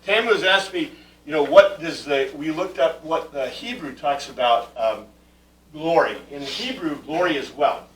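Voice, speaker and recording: A man leads a Bible study class, explaining word meanings with plenty of ums and restarts. His voice sits a little high for a man. The recording picks him up from a distance, so the room echoes around him. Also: lively intonation, normal speed, a little hiss or hum. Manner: conversational, with many fillers and restarts, questioning the class. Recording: echoey room, mic far from the speaker.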